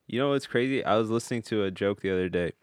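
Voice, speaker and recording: A man's voice: on the low side, no echo. A young man in casual, profane, joking conversation, teasing his co-host. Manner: joking, profane, quick to tease. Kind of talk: casual chat.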